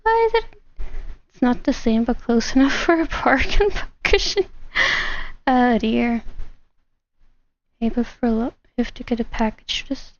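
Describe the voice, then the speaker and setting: A woman streamer chatting casually with her live chat, giggly and excitable. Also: a little high, a little slow, long pauses, muffled recording.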